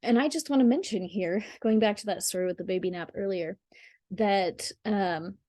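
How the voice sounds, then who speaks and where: A woman coaching listeners through emotional healing and a guided visualization, in a casual, rambling way with restarts and soft laughs. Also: medium pitch, normal speed, dry recording, studio quality. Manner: rambling, restarts and apologizes for digressions.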